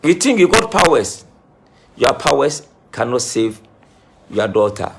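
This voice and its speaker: Emphatic man scolding in a lively voice. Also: medium pitch, unhurried, vocal fry, slight background noise. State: says he is crying. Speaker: self-styled spiritualist. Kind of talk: impassioned monologue to camera.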